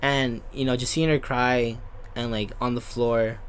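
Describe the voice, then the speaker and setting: A man's voice: medium pitch, flat delivery, a little slow. A young man, a podcast guest, talking in a casual, rambling way full of fillers. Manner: rambling, many fillers like "you know" and "kinda". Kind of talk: casual chat.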